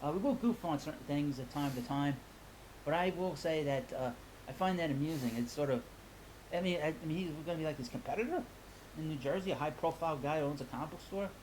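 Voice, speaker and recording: A man's voice: fairly high pitch, quick pace, a little mellow, rough recording. A man rambles on in a casual monologue, mocking and gossiping about others. A faint hiss sits under his voice in this played-back clip. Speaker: comic book channel host.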